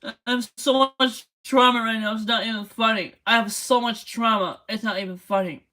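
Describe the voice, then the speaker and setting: Tearful high-voiced woman pleading on a livestream. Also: steady tone, moderate pace, pushed and bright. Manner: pleading, repetitive questioning. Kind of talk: emotional livestream rant. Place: motel room.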